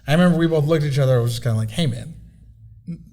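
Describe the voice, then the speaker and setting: A man's voice: on the high side, racing, dark tone. A man on a podcast telling loose, profane stories, laughing as he goes. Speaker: podcast guest. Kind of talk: casual podcast storytelling.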